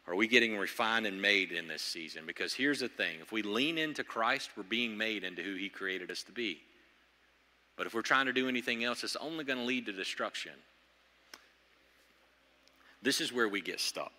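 A man preaching a sermon as pastor, animated, swinging from loud and high to low and quiet. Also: fairly quick. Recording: long hall reverb.

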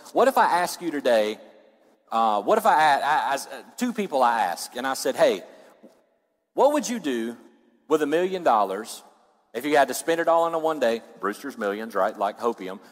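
A man preaching a sermon as pastor, swinging from loud rising passages down to low, quiet ones. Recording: long reverb of a large hall.

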